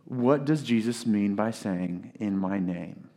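Emphatic male pastor preaching. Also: lowish voice. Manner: emphatic, with dramatic pauses and shifts from loud to hushed. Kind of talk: sermon.

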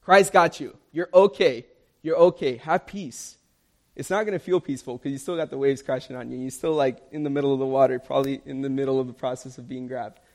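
A man's voice: mid-range voice, fairly even intonation, a little fast. A young man preaching a sermon, earnest and emphatic, repeating key lines for stress.

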